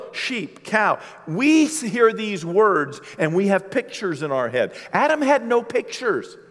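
A middle-aged male pastor telling stories in a sermon, animated and funny, his voice sitting a bit high for a man. It carries through a large church hall with a long reverb tail. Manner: animated, humorous storytelling.

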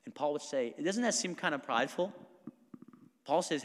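A pastor delivering a sermon in a casual, animated manner, often breaking into quick laughs between points. His voice sits at an ordinary middle pitch for a man. It carries a long hall reverb from the church sanctuary. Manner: conversational, animated, laughing asides.

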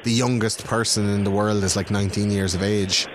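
A man's voice: on the low side, fairly even intonation, a little fast, noisy background. A man, a podcast guest chatting casually, rambling and swearing. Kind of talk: casual chat.

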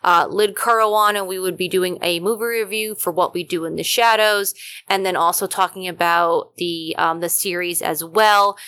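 A woman's voice: on the low side, steady tone, normal speed, sharp tone. A woman hosting a podcast, chatting casually and rambling with many fillers while feeling unwell. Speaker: podcast host. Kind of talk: casual chat.

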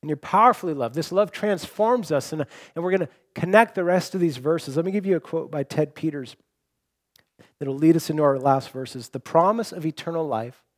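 A young adult man preaching a sermon, earnest and personal, often restarting with repeated words. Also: fairly high pitch. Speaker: pastor.

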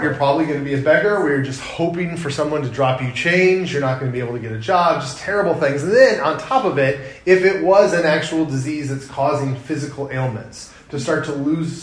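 A man in his thirties preaching a sermon, conversational and animated when telling stories. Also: a little high, a little fast, few pauses. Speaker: pastor. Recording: echoey room.

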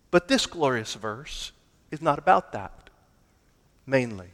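Slow, emphatic preacher in a reverberant hall. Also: male voice, on the high side, animated, a bit bright. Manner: deliberate, emphatic preaching with dramatic slowdowns. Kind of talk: sermon.

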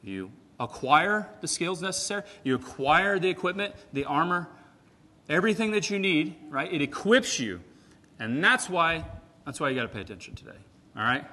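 A man preaching a sermon in a conversational, animated way, swinging from loud emphatic peaks to quiet asides. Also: fairly high pitch, moderate pace. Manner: animated, conversational, with frequent "right?" and "like".

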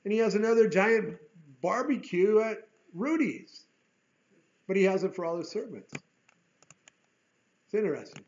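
A man's voice: high-pitched, animated, normal speed, long pauses, a little mellow, dull audio. A man teaching through a Bible chapter in a conversational way. He reads scripture aloud and breaks off into folksy asides and rhetorical questions.

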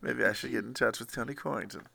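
A man's voice: fast talker, gravelly. A man hosting a podcast in casual banter, joking in a playful, mock-aggrieved way. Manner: playful, mock-aggrieved, lively pitch swings. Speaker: podcast host.

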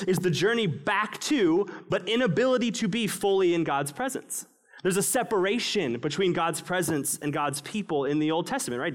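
Expressive preaching man, slightly high voice. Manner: expressive, swinging between raised emphasis and hushed low passages. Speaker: pastor. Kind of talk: sermon.

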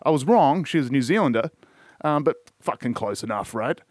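An Australian man talks on his own podcast in a loose, rambling way, swearing in nearly every sentence and shrugging off his own points. His voice sits at an ordinary middle pitch. The sound is dry and close, with no room around it. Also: lively intonation, fairly quick, darkish tone, no echo. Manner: rambling, swears constantly, trails off with "I don't know". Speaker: podcast host. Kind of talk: casual solo podcast monologue.

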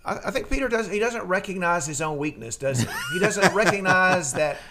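Reflective man, somewhat higher voice. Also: animated, a little fast, a loud crowd. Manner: reflective, asks tag questions. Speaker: co-host. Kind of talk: casual Bible discussion.

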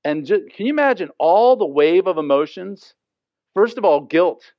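A man's voice: high-pitched, lively intonation, normal speed, no room sound. A man teaching a Bible passage in an earnest, conversational way, often asking listeners to imagine the scene. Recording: dry, slightly dull lo-fi sound.

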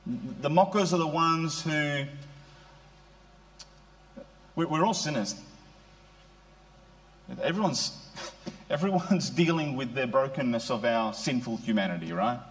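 A man's voice: medium pitch, lively intonation, unhurried. A middle-aged man preaching a sermon in a conversational way, often putting rhetorical questions to his listeners.

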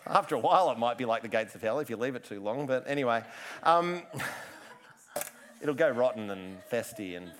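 A man's voice: mid-range voice, expressive, normal speed, fairly bright tone. A man preaching a casual sermon, chatty and joking, often restarting his sentences. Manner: chatty, self-interrupting, joking asides. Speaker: pastor.

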